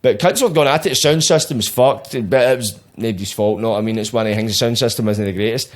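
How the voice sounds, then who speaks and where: A Scottish man hosting a podcast in casual chat, sweary, rambling and animated. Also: on the low side, fast. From Scotland. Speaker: podcast host.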